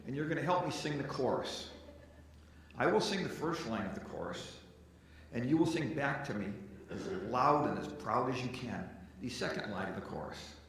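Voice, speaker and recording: Between songs at a live arts center concert, a folk musician tells stories and jokes with the audience in an animated, fairly bright, medium-pitched voice at a moderate pace. The mic is far off in an echoey hall, with guitar music in the background.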